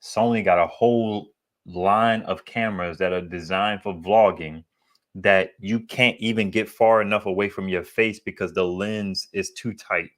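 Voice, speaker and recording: Deep bassy guy rambling to his viewers on a vlog, slangy and candid, wanders off topic a lot. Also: fairly even intonation, unhurried, a bit bright. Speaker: solar equipment YouTuber. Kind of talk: casual vlog chat.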